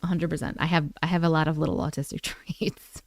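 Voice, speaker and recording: A woman's voice: low voice, level tone, fast, darkish tone, no echo, clean studio sound. A woman hosting a casual livestream, chatting and greeting viewers by name in a bubbly way. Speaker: livestream host. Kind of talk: casual chat reading live comments.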